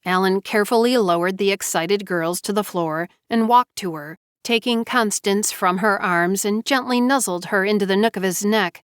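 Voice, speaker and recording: A woman narrating a family saga audiobook in a measured storytelling delivery. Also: mid-range voice, smooth, dry recording, studio quality.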